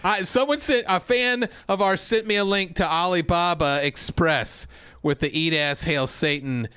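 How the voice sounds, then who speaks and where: A man co-hosting a comedy podcast, excitable and quick to laugh, egging his partner on. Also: high-pitched, smooth, no room sound, clean studio sound. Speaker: podcast co-host. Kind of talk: casual comedic chat.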